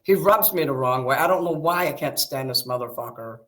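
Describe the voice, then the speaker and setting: A man's voice: mid-range voice, fairly quick, a bit bright. A man in heated casual conversation, agitated and defensive, swearing often. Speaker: streamer talking with a friend.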